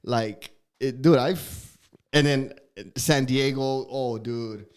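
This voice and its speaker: A man's voice: mid-range voice, fairly even intonation, slow pace, smooth. A man chatting as a comedian guest on a podcast, telling stories in a profane, slangy way with frequent laughter. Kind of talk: casual storytelling chat.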